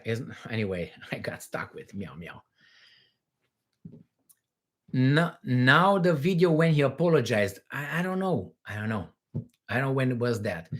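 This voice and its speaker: A man from Romania, hosting a casual livestream Q&A in a rambling, animated way from home. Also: mid-range voice. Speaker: livestream host.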